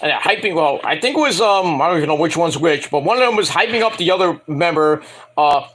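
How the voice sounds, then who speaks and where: Animated, bright-voiced man ranting. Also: fairly high pitch, fast talker. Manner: profane, rambling, mocking, acts out quotes in exaggerated voices. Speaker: wrestling show reviewer. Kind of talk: casual rant-style show recap.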